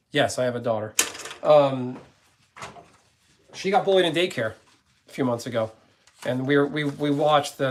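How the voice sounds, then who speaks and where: A man's voice: medium pitch, slight background noise. A man streaming from his gaming channel, chatting casually with viewers in a rambling, blunt way and cursing freely.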